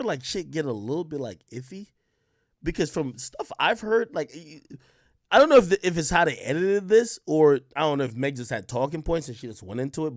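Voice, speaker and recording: A man's voice: fairly high pitch, no room sound, clean studio sound. A man giving blunt, profane reaction commentary to an interview clip, talking straight to his viewers.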